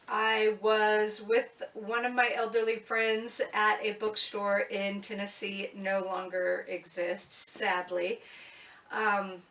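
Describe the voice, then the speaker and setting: A woman's voice: medium pitch, flat delivery, takes it slowly, fairly bright tone. A woman talking casually in a book vlog, chatty and blunt, poking fun at herself. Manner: chatty, blunt, self-mocking. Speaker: booktuber. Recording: echoey room, mic at a distance.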